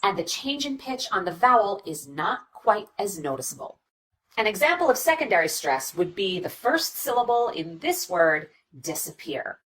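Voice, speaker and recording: A woman's voice: medium pitch, normal speed. Teacher lady demoing pronunciation, voice goes way up and down, kinda far from the mic. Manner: lively, demonstrative, models words aloud. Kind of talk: teaching video.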